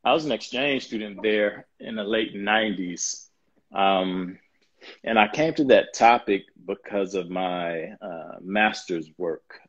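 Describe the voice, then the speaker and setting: Low-voiced southern guy from mississippi, professor on a video call, easygoing and upbeat, repeats himself. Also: takes it slowly, slightly rough, dull audio. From Jackson, Mississippi. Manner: upbeat, laid-back, repeats words. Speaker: professor and guest. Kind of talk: casual livestream conversation.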